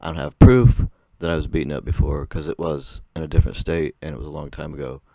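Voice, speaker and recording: A man's voice: extremely low pitch, flat delivery, quick pace, gravelly, mellow, no echo. A young man whose voice still cracks, telling a rambling story to camera with frequent laughs. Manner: chatty, rambling, laughs often. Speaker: vlogger.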